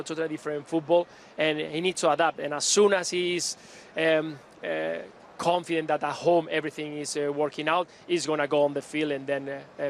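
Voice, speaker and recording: A man from the club's coaching staff in a live pitchside interview at an outdoor training ground. He speaks earnestly and haltingly, with many restarts and fillers. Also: slight background noise.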